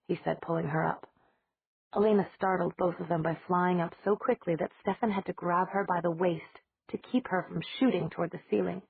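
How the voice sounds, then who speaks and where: Female audiobook narrator, measured, husky, over a tinny, dry line. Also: fairly low pitch, steady tone, dry recording.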